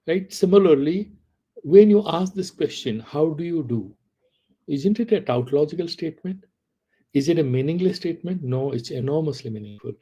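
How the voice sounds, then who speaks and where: Man teaching philosophy, mellow voice. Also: on the high side, lively intonation, a little fast, slightly rough. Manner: explains in repeated rhetorical questions, reciting Sanskrit verses. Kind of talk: class lecture.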